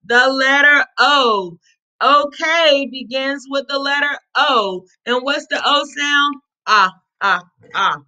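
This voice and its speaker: A woman's voice: high-pitched, sharp tone. A woman teacher reading a picture book aloud to young children, prompting letter sounds and praising them. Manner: encouraging, drawn-out letter sounds, sing-song prompts. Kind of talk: read-aloud phonics lesson for young children.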